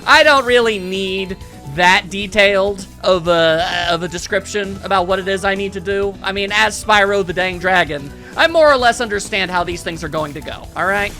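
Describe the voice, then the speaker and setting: A man's voice: sits high, normal speed, few pauses, pushed and bright, soft background music. A man giving casual, jokey, rambling commentary while playing a video game. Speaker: let's play host.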